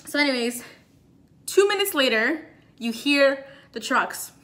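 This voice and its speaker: A young woman, vlogging to camera, retells a story casually and with lots of animation, using many fillers. Her voice is a little high and bright with a forceful edge, and she races breathlessly through the tense parts.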